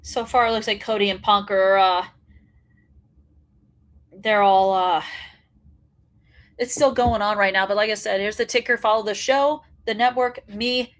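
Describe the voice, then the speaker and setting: A woman's voice: mid-range voice, steady tone, unhurried, pauses often. A woman hosting a wrestling commentary show, ranting bluntly and profanely, fired up.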